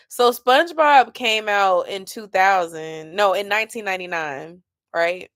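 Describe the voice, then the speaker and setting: A woman's voice: medium pitch, unhurried, few pauses, a bit bright. Sleepy chatty woman in her thirties. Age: 30s. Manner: sleepy, chatty, yawning and laughing. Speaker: livestream host. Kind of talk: casual late-night live chat.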